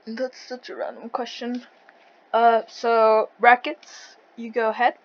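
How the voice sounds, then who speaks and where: Woman interviewer with a thick accent and a fairly high voice, blunt, swears freely, laughs easily. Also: level tone, slow, highs cut off. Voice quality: says she has a thick accent. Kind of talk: casual online interview over voice chat.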